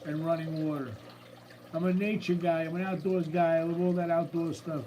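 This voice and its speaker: A man's voice: a little high, flat delivery, moderate pace, dark tone, slight background noise, rough recording. A man hosting a casual live stream, chatty and upbeat as he greets viewers by name. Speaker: livestream host. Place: room at home with a running water tank. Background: faint running water from a tank.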